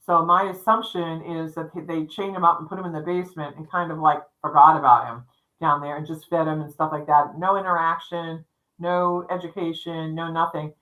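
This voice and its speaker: A woman's voice: sits low, fairly even intonation, moderate pace, a bit bright, low-quality recording. A middle-aged woman telling a spooky personal story on a livestream, rambling with restarts and acting out what people said. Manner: rambling, with restarts and quoted dialogue. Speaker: psychic storyteller co-hosting a livestream. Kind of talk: casual spoken storytelling.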